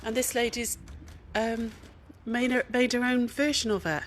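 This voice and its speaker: A middle-aged woman chats her way through a show hall, full of gushing asides. She drops into hushed, admiring tones now and then. A faint hum of background noise sits under her voice. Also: a little high, flat delivery, normal speed. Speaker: craft shop host showing a quilt show. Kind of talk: casual walk-around vlog chat. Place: large indoor exhibition hall.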